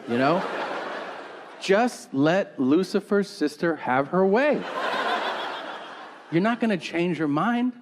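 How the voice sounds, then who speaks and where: Dry, profane stand-up comic, lively delivery. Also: male voice, fairly high pitch, slow pace, long pauses, in a large hall, crowd noise, noisy background. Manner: dry, profane, acts out quotes. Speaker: stand-up comedian. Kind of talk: stand-up comedy set. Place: comedy stage with an audience.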